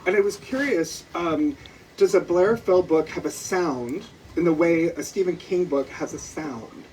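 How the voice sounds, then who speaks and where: A man's voice: a little high, measured pace, darkish tone. A man interviewing an author at a bookstore event, asking prepared questions with many "um"s. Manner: hesitant, many "um" and "uh", reads notes aloud. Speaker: interviewer, comic book artist. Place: bookstore event before an audience. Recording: distant mic with faint noise.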